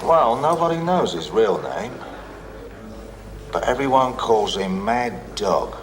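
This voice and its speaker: An actor playing a brusque, sardonic police inspector. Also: male voice, mid-range voice, expressive, slow pace, roomy sound. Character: gruff, self-assured police inspector, middle-aged man. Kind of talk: television drama acting.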